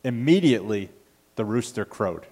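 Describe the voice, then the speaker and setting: A man's voice: on the low side, animated, moderate pace, dark tone, husky. Guy giving a sermon, chatty, keeps correcting himself, um and uh. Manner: conversational, self-correcting with fillers. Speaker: pastor.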